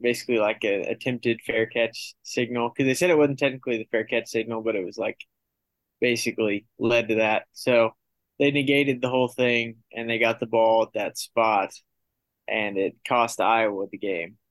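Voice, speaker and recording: A man's voice: mid-range voice, fairly even intonation, moderate pace, no echo. A man co-hosting a casual sports podcast, explaining calls loosely with many fillers. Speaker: podcast co-host.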